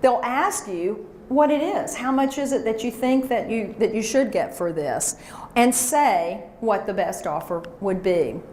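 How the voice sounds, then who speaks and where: A woman's voice: a little high, lively intonation, a little slow, a little mellow, a little hiss or hum. A woman leading a workshop, coaching a live audience with energy and call-and-response chants. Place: large room with an audience. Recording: echoey room recording.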